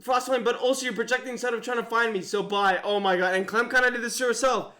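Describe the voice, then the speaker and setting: Playing an online mafia game, a young man commentates live in a very high voice, talking fast. He's excitable and full of disbelief, thinking out loud as he goes.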